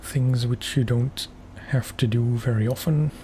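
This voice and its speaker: A man streaming a game for relaxation, talking softly in unhurried, musing asides. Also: medium pitch, steady tone, slight background noise. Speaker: gaming ASMR streamer. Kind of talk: soft-spoken gameplay commentary.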